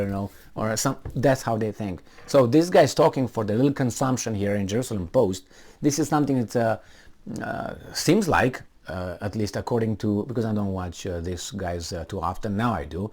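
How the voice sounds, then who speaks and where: A man's voice: on the low side, moderate pace, a little mellow. Rambling sarcastic male commentator. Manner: rambling, sarcastic, many fillers and restarts. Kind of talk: casual opinion commentary reading news aloud.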